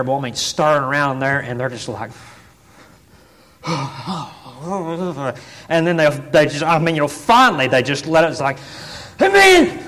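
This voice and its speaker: A man from Tennessee, preaching a folksy story sermon that swings from hushed asides to shouted exclamations. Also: mid-range voice. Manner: folksy, many fillers like "I mean" and "boy". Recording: long reverb of a big church.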